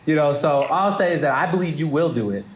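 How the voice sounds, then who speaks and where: A man's voice: fairly high pitch, expressive, quick pace, reverberant, lo-fi sound, a little hiss or hum. A man co-hosting a casual podcast, talking in an earnest, emphatic and encouraging way. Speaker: podcast co-host. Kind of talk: casual chat.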